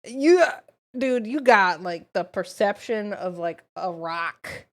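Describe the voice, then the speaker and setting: A woman streaming a game live, reading its text aloud and reacting with animated, swearing, mock-angry commentary, her voice strained and going. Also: mid-range voice, slow pace. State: losing her voice.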